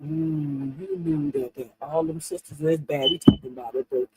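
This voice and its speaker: A woman's voice: low voice, moderate pace, creaky, very noisy. A middle-aged woman, hosting a livestream in a casual, laughing, chatty way. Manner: animated, laughing, chatty storytelling. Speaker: livestream host. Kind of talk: casual chat. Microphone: livestream mic.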